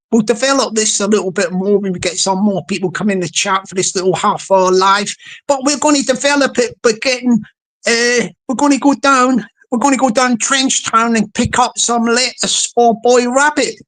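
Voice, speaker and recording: A woman's voice: on the high side, a bit bright, rough recording. A woman chatting casually on a live stream, rambling playfully and greeting viewers by name.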